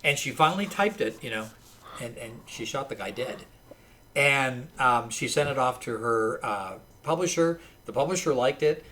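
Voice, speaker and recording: A man's voice: mid-range voice, moderate pace. A male college professor telling anecdotes in a casual podcast interview, restarting his sentences often. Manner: animated anecdotes with frequent restarts.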